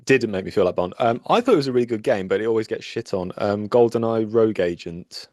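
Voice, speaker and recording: A man in his thirties from Dudley trades dry jokes as co-host of a gaming podcast. His voice sits fairly low. The recording is dry, with no room echo. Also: lively intonation, fast talker, a little mellow. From Dudley, England. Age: 30s. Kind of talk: casual gaming podcast chat.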